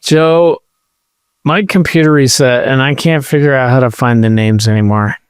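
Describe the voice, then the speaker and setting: A man co-hosting a casual comedic podcast, telling a laid-back story with deadpan quips. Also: medium pitch, moderate pace, clean tone, no echo, studio quality. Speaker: podcast co-host.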